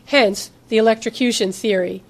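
Lady doing a serious thoughtful alien time guy, measured. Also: on the high side, steady tone.

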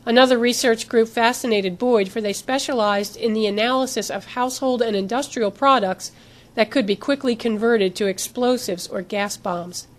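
A woman narrating a novel in an even, steady scripted reading. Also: on the high side, normal speed. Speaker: audiobook narrator.

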